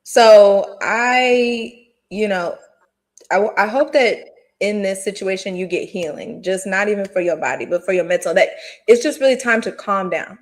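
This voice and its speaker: A woman co-hosting a casual gossip podcast, animated and exclamatory, laughing as she talks. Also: medium pitch, moderate pace. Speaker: podcast co-host.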